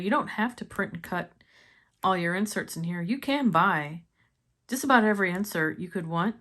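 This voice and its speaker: A woman with a Missouri accent chatting casually in a planner review vlog, laughing often and sounding enthusiastic. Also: mid-range voice. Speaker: planner vlogger.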